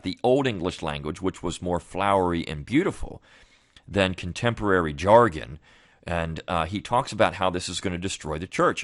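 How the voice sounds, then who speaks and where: A man's voice: low-pitched, a bit bright, no room sound, studio quality. A man hosting a weekly review show, talking in a loose, rambling way with many restarts and fillers. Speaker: podcast host. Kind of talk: casual spoken commentary.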